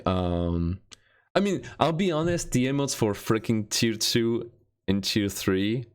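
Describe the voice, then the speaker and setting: A man chatting casually on a live stream while making a game, self-mocking and swinging between low mutters and excited squeals.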